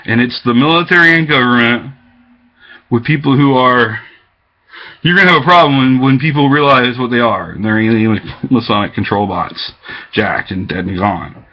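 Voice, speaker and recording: A man's voice: mid-range voice, moderate pace. A man giving an agitated, rambling monologue to his webcam, jumping from topic to topic. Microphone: webcam microphone. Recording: dull lo-fi webcam audio.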